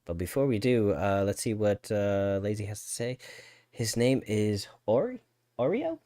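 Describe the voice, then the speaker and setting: Chatty low-voiced male podcast host. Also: very animated, a little slow, mellow, no echo, clean studio sound. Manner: chatty, stammers and repeats words, reads chat aloud. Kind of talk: casual live-stream chat.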